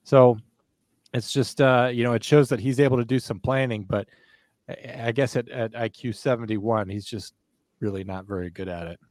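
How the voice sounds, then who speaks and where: A man at a middle pitch, talking through a criminal case with his co-host. He rambles and restarts as he thinks aloud. The sound is dry and close, with no room around him. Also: steady tone, normal speed, darkish tone, dry recording. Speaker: podcast co-host. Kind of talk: casual true crime discussion.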